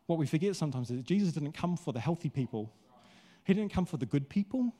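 A male pastor preaching a sermon in a casual, conversational, animated way, acting out quotes. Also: fairly high pitch, fast talker.

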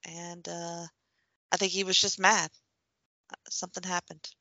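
A woman's voice: fairly low pitch, level tone, a little slow, bright, forceful tone, no echo, lo-fi sound. A woman co-hosting a podcast, joking in a playful, mock-serious way. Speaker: podcast co-host. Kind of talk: casual chat.

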